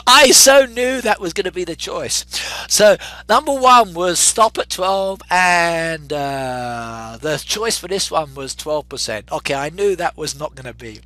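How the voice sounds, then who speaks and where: A man's voice: on the high side, expressive, unhurried, bright, forceful tone, no echo. A man in his thirties, chatting casually on a live game stream, reading viewer comments aloud and joking with them. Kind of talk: live-stream chat while playing.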